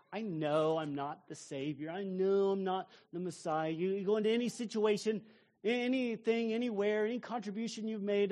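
A middle-aged American pastor preaching a sermon, dropping to near whispers and rising to fervent, shouted praise. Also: male voice, high voice. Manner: preaching with big swings from hushed to shouted.

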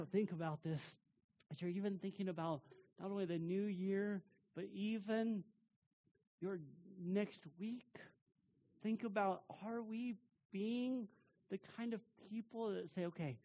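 A pastor delivers a sermon in a conversational, emphatic manner. Phrases are repeated and built up for force, and key words are drawn out slowly for stress. Casual asides break in between the heavier points. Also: medium pitch, warm tone. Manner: emphatic, building repetition.

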